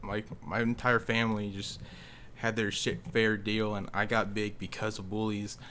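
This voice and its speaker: A young man in a casual podcast chat, talking haltingly with stammered restarts and swearing. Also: on the low side, flat delivery, sharp tone, a little hiss or hum. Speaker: podcast guest.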